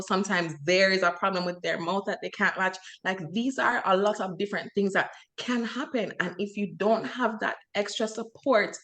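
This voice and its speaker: A young woman co-hosting a podcast chats casually in a medium-pitched, fairly bright voice. She comes across as earnest and impassioned, using many fillers.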